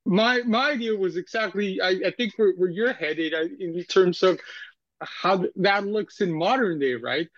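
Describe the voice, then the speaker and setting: Man, high voice, dull lo-fi sound, eager hedging talk, seminar participant. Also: normal speed, no echo. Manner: eager, hedging, with frequent "right?" tags. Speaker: discussion participant. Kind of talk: casual seminar discussion.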